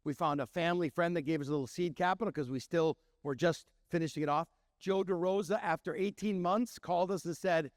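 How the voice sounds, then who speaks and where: Middle-aged chef, lively storyteller who acts out quotes; high-pitched voice, dry recording. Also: male voice, fairly quick, few pauses, dry recording. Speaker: chef and restaurant owner. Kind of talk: storytelling talk.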